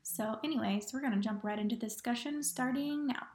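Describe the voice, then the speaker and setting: A woman's voice: fairly high pitch, brisk, darkish tone. Breezy woman in an echoey room. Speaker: podcast host reading disclaimers. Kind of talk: casual podcast announcement.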